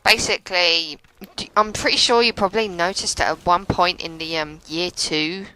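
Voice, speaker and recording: A woman's voice: fairly low pitch, steady tone, normal speed, pushed and bright, clear, resonant tone, rough recording. A young woman giving chatty, sarcastic gameplay commentary and laughing often. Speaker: let's play commentator.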